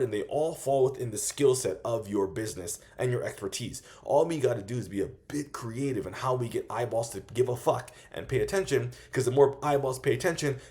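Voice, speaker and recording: A man coaching small vendors in a loose, profane style, acting out quick sales pitches as he goes. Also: a little mellow. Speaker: business coach. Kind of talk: casual instructional monologue.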